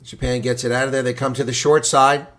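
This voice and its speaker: A man giving live reaction play-by-play commentary of a rugby match for his stream, shifting from calm calling to loud outbursts and answering viewers in chat. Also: medium pitch, a little fast. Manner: excitable, swings from calm calling to loud outrage; talks to chat viewers between plays.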